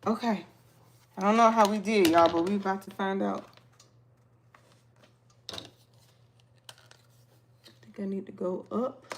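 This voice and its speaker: A woman hosting a relaxed sewing lesson, speaking at an unhurried pace and addressing viewers as "y'all". Her talk carries features, and she breaks into delighted exclamations as she works. Her pitch sits in a middle range. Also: slight background noise. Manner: chatty, talks to viewers as "y'all", excited exclamations. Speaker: sewing tutorial host. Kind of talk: casual live sewing tutorial.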